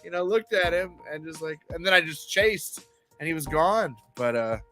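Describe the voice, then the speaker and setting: A podcast host with a bright, mid-range voice chats casually and is quick to joke. Faint music sits behind the talk. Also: mid-range voice, lively intonation. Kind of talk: casual chat.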